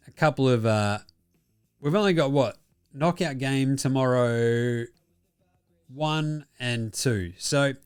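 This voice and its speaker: A man's voice: mid-range voice, no room sound, clean studio sound. A man with an Australian accent hosting a casual basketball recap, profane and jokey, laughing often. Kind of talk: casual sports recap commentary.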